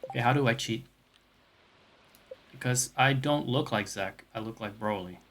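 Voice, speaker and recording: A man at a middle pitch chats loosely while he plays games on stream. He drifts from topic to topic, swears freely, and pokes fun at himself as he goes. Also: normal speed, a bit bright, slight background noise. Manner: rambling and profane, with self-mocking asides. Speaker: game streamer. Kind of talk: casual chat while gaming.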